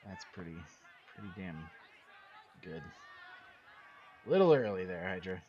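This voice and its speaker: Male coach, low-pitched, blunt casual film breakdown with some cursing; muffled lo-fi recording with faint hiss. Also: big pitch swings, a little slow, a crowd in the background. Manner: blunt, swears casually, repeats himself. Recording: dull lo-fi recording.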